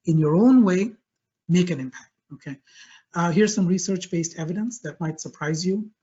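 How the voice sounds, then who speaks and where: A man with a high voice presents a webinar over a video call, speaking with energy and stressing his points by repeating them. The call audio sounds a little dull and lo-fi. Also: moderate pace, slightly rough. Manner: energetic, emphatic, repeats key phrases.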